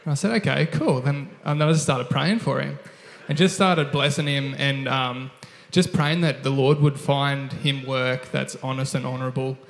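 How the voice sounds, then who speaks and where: A man's voice: mid-range voice, steady tone, normal speed, gravelly, hardly any pauses. A man with an Australian accent, an online pastor, telling a church testimony in a chatty, amused way. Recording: echoey hall.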